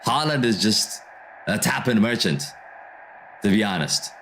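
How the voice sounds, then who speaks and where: A man hosting a football watchalong stream, reading viewer comments aloud and reacting to the match in a relaxed, slangy way. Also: fairly low pitch, measured pace, gravelly, slight background noise. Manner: reads viewer comments aloud and answers them, calls out match action, slangy "bro". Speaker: livestream host reading chat during a football watchalong. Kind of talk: casual live commentary and chat reading.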